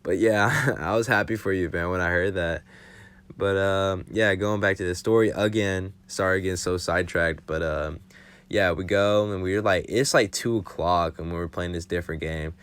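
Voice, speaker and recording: Young man, very low voice, casual storytime, rambling, profane, filler-heavy. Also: normal speed, a bit bright, clean tone. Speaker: vlogger.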